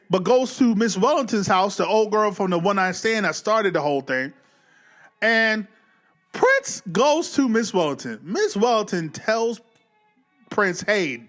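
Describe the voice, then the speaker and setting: A man giving a casual, animated movie recap, swearing freely and acting out the scenes as he goes. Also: sits high. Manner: animated, profane, acts out scenes. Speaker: film reviewer.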